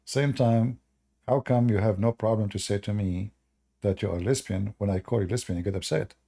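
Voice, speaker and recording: A man's voice: fairly low pitch, moderate pace, creaky, dark tone. A man hosting a talk, casually telling a funny personal anecdote in loose, non-native phrasing and chuckling often. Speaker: host.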